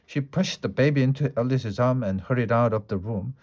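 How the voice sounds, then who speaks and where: A man narrating a storybook for English learners, reading at an easy, unhurried pace. His voice sits at an ordinary male pitch, with the occasional filler and self-correction. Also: a little mellow.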